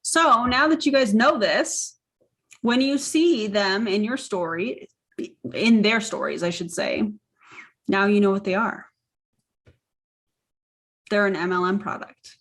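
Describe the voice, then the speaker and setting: A woman's voice: medium pitch, takes it slowly, long pauses, fairly bright tone. A woman hosting casual reaction commentary, skeptical and sarcastic in her asides. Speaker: commentary host.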